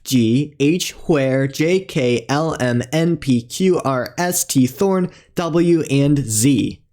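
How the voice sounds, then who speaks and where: A man's voice: mid-range voice, darkish tone. Man steadily narrating a language lesson. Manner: measured, careful spelling out of letters and sounds. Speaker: language teacher.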